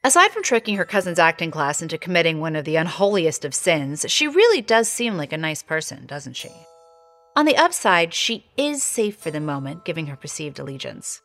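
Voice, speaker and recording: A woman's voice: deep voice, very animated, brisk, fairly bright tone, soft background music. A woman narrating an audio drama in a wry, sardonic voice that swears freely.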